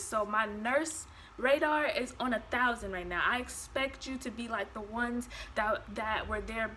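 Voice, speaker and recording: A woman's voice: fairly high pitch, sharp tone, slight background noise. A young woman telling a personal story in a casual vlog, acting out quotes and swearing freely. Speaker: vlogger.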